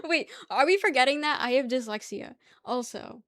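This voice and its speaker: On her livestream, a young woman drifts from topic to topic with her chat, laughing and cursing freely. Her somewhat high, fairly bright voice moves a little fast, and the sound is dry and close with no room around it.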